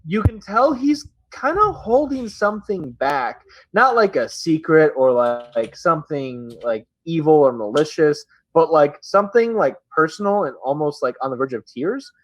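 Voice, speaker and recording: A man's voice: fairly high pitch, lively intonation, normal speed, hardly any pauses, rough recording. A man running a tabletop game as dungeon master, narrating casually with many fillers. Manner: casual, full of "like" and "um".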